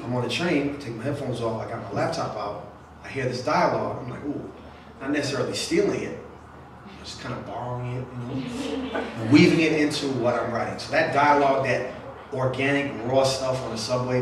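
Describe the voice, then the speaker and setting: A man's voice: mid-range voice, brisk. Chatty man in an echoey room. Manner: chatty, jokey, acts out quoted voices. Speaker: author speaking to young readers. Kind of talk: casual talk with audience Q&A. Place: event room at a literary center. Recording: very echoey room from far off, faint noise.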